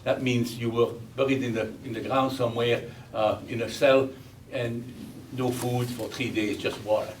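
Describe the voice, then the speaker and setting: A man's voice: mid-range voice, fairly even intonation, normal speed. A man in his eighties with a Belgian accent, giving a chatty, joking speech to an audience as a veteran guest speaker, stressing his points by repeating them. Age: 80s. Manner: chatty and joking, with emphatic repetition. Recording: distant mic with faint background noise.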